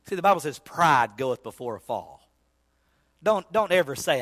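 A male preacher delivering a dramatic sermon, shouting one moment and dropping low the next, with frequent repeated words. His voice sits high and bright for a man. Long reverb from a large hall follows every phrase. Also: animated, normal speed. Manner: dramatic, swings from shouting to hushed.

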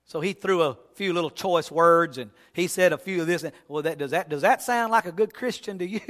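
Preacher guy, high bright voice, acts out the story, big echoey church. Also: a little fast. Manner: animated storytelling, acting out voices, folksy humor. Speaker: pastor. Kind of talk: sermon. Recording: long hall reverb.

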